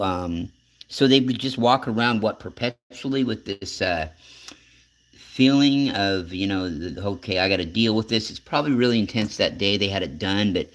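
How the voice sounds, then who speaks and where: A man hosting a casual talk show, asking long rambling questions that restart and drift, with some swearing. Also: on the low side. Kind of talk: casual interview chat.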